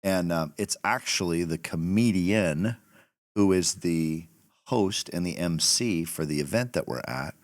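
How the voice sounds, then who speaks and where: A middle-aged man hosting a podcast, telling a story in a casual, animated way and laughing as he goes. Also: deep voice, unhurried, no echo, studio quality. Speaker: podcast host.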